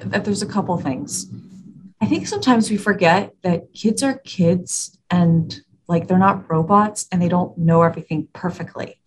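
A school administrator and parenting educator with a lowish voice recounts working with kids and parents in a casual interview. There's slight background noise. She tells her stories with animation, acting out the exchanges word for word.

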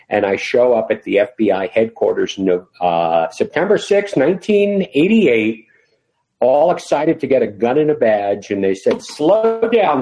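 A man's voice: fairly low pitch, dark tone, rough recording. A middle-aged man from New York City, a guest telling his career story in a casual interview with wry, self-deprecating humor. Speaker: guest, retired FBI employee.

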